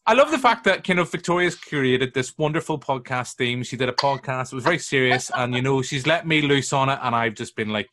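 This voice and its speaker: A man's voice: mid-range voice, lively intonation, fast, few pauses, pushed and bright. A man hosting a podcast, chatting casually in a rambling, jokey way and wandering off on tangents. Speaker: podcast host. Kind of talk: casual chat.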